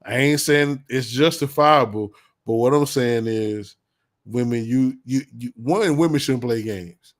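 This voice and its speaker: Man, mid pitch, blunt preachy vlogger who repeats his points. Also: a little slow. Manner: blunt, preachy, heavy slang, repeats insults with bursts of laughter. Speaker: commentary vlogger. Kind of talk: casual advice monologue.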